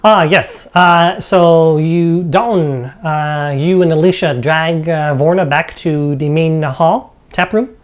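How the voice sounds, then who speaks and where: A man with a somewhat high voice runs an online tabletop game as game master. He speaks haltingly, leaning on fillers as he sets up each scene.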